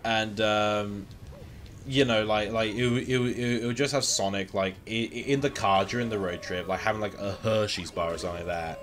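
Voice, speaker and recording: A man's voice: on the low side, fairly even intonation, normal speed, a bit bright, a little hiss or hum. A young man, host of a gaming stream, chatting casually with stammers, jokes and swearing. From United Kingdom. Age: young adult. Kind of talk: casual chat while gaming.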